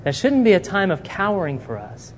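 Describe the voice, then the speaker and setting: A man's voice: sits high, fairly quick. Man preaching in an echoing hall. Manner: animated storytelling, acting out quotes. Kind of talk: sermon. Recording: long reverb in a hall, faint noise.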